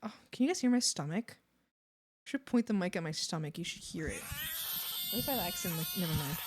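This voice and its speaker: A woman's voice: on the low side, big pitch swings, fast talker, background noise. A young woman streaming, chatting casually with her viewers, giggling, apologizing and rambling with lots of fillers.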